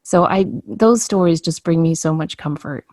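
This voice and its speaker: A woman's voice: low voice, moderate pace, dry recording, studio quality. A woman telling a personal story in a casual podcast conversation, acting out the dialogue as she goes. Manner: animated storyteller, acts out quoted dialogue.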